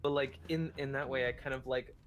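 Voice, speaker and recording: A man's voice: medium pitch, fairly even intonation, a little fast, slight background noise. Rambling man explaining how he runs games. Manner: rambling, many restarts and "like"s. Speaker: game master. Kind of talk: casual chat.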